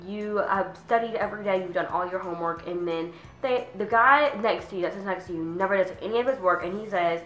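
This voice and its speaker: A teenage girl venting about her pet peeves in a casual vlog, chatty, with lots of "like", sometimes mimicking people in a higher voice. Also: brisk, hardly any pauses, fairly bright tone, reverberant, faint music behind, poor audio. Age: teens. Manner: chatty, says "like" constantly, acts out quoted people in a higher voice. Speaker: vlogger.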